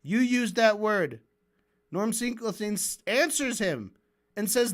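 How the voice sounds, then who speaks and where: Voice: medium pitch, animated, slow. A streamer giving heated, sarcastic livestream commentary on a debate. The speech is full of swearing and frequent stumbles and restarts. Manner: stumbling restarts while building arguments.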